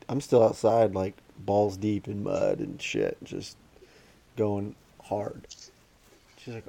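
A man with a low, gravelly voice chatting in a relaxed, profane way. A faint hiss of noise sits under his words. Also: measured pace, pauses often, low-quality recording. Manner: laid-back, profane. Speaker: friend in a chat. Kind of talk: casual chat.

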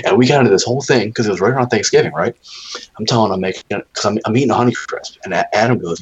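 Young guy, really low husky voice, rambles and swears a lot in casual chat. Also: brisk, pauses often, dull audio. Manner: rambling, profane storyteller.

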